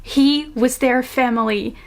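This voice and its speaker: Slow-talking, gushing woman book reviewer. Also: high voice, steady tone. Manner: gushing, self-mocking, laughs often. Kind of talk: casual book review with read-aloud excerpts.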